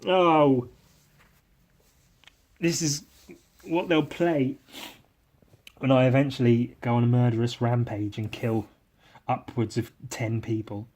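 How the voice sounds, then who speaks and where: Slow-talking bitter sweary man. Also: medium pitch, steady tone, darkish tone. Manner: self-deprecating. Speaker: podcast host. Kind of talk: rambling solo podcast monologue. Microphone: podcast microphone.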